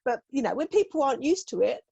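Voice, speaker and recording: A woman chats as a podcast guest in a fairly high voice. She is blunt and lively, laughs easily and slips into quoted voices. The sound is dry and close. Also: fast, vocal fry, breathy edge, no echo. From United Kingdom. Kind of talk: casual podcast chat.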